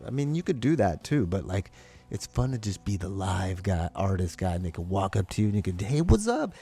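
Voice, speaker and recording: Low-voiced male painter, loose rambling talk, faint background music. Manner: rambling, animated, acts out quotes in high voices. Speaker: live painter. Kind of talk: casual monologue.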